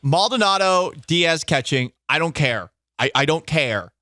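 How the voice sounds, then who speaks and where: Male sports radio host, sarcastic, emphatic, lively swings in pitch, bright tone, dry studio sound. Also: measured pace, no room sound. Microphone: studio microphone.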